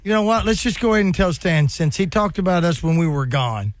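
A man's voice: high-pitched, animated, brisk, dry recording. A man hosting a sports talk radio show, jokey and theatrical.

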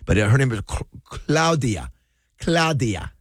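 A man's voice: medium pitch, big pitch swings, unhurried, dry recording, studio quality. A man hosting casual radio chat, rambling through stories with many fillers and restarts. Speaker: radio show host.

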